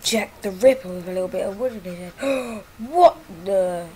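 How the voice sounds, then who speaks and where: Excitable woman gaming. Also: medium pitch, normal speed, slight background noise, rough recording. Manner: excitable, exclaiming, jokey. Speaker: gaming YouTuber. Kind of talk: gameplay commentary.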